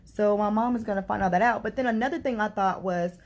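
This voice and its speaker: A woman's voice: medium pitch, fast talker, a little mellow. A woman vlogging a heartfelt personal story in a casual, chatty way, using many fillers. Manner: chatty, uses many fillers like "like" and "you know"; heartfelt and earnest. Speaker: grieving mother vlogger.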